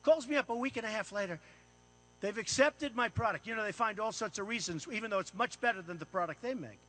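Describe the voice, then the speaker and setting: This paid American speaker talks fast in a high-pitched, sharp-toned voice. Speaking off the cuff to a crowd in an event room, he brags, repeats himself and relies on punchy phrases.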